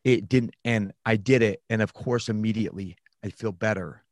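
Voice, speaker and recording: Man, low voice, frank and reflective storyteller, close dry mic. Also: fairly even intonation, moderate pace, no room sound. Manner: frank and reflective, with frequent restarts. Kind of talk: candid storytelling in a conversation.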